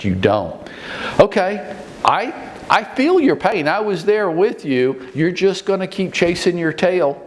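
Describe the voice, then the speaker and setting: A man in his fifties, a real estate broker giving a blunt motivational training talk to his agents in short punchy sentences. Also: slight background noise. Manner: blunt and emphatic, leaps up in pitch to stress points; speaks directly to the audience, often with short punchy sentences.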